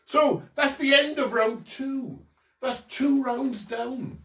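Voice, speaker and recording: A man's voice: extremely high pitch, slow pace, a bit bright, a little hiss or hum. A man hosting a home quiz, reading each question and giving the answer himself with jokey asides. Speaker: quiz host. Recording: echoey room, distant mic.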